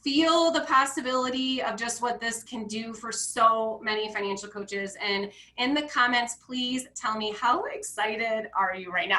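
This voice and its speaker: Bright, bubbly woman hosting a live video call, fairly high voice, echoey room. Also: unhurried, few pauses. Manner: bubbly, excitable, reads comments aloud. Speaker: financial coach hosting a live launch call. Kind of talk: casual live-stream talk.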